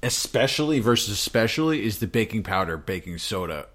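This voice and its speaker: A man's voice: lowish voice, sing-song, brisk, fairly bright tone. A man co-hosting a podcast, chatting casually in a rambling, jokey way and trying out metaphors that don't quite land. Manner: rambling, jokey, free with half-working metaphors. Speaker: podcast co-host. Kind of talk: casual chat.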